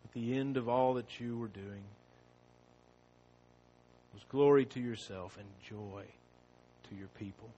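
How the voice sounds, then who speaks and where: A man preaching a sermon. He opens with a prayer, then reads scripture slowly and with rising force. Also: medium pitch, highs cut off, slight background noise. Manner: slow and deliberate, rising loud when reading scripture.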